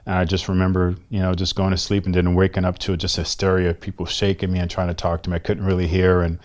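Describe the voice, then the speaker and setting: A man in his fifties, a guest telling a personal story in an interview in a soft-spoken, reflective and earnest way. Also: sits low, completely flat delivery, fast. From United States. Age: 50s.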